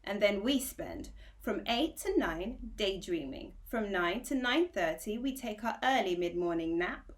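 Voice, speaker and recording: A woman's voice: medium pitch, lively intonation, measured pace, hardly any pauses, lightly acted. A woman reading aloud and voicing a group of lazy, drowsy townsfolk who list their idle daily routine.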